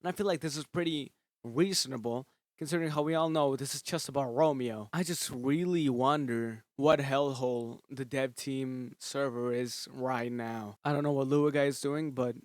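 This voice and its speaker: A man's voice: mid-range voice, normal speed, no echo, studio quality. A man doing casual video commentary, frustrated and complaining, swearing now and then. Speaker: gaming commentary YouTuber.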